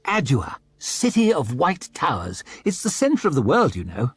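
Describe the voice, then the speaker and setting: A man's voice: on the high side, wildly swooping pitch, moderate pace, breathy edge, no room sound, soft background music, pitched above the performer's own voice, heavily acted. A man voicing a self-mocking young crown prince with a flippant, boyish manner. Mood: eager.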